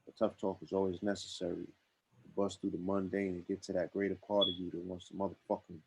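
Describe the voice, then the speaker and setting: A man's voice: deep voice, flat delivery, a little fast, creaky, a little mellow, breathy edge, poor audio. A man hosting a live-streamed talk show, promoting events in a laid-back, slang-filled way. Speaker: podcast host. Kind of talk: casual live-stream chat.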